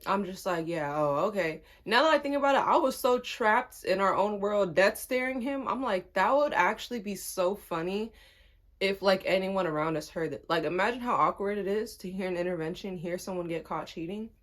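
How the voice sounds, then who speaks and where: A young woman tells a personal story in casual conversation, speaking a little fast. She's animated and laughs often, and her pitch leaps up whenever something amuses her.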